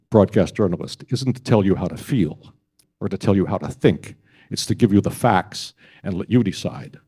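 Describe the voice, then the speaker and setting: An older man and broadcast journalist telling stories at a press club event, halting often and restarting his sentences. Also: sits low, a little mellow, husky. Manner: halting, with many restarts and fillers.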